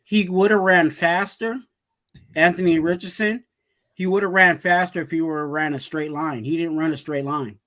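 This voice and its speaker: High-voiced, rambling man. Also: fairly even intonation, moderate pace, a bit bright. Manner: rambling, repeats himself and stumbles over words. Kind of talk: casual sports chat.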